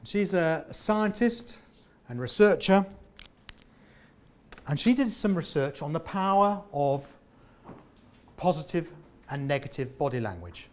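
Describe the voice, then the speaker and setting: A man, a former comedian, leading a lively interactive workshop on presenting and asking the audience questions. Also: a little high, a little slow, long pauses. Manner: animated, jokey, questions the audience. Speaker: presentation trainer. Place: meeting room with an audience.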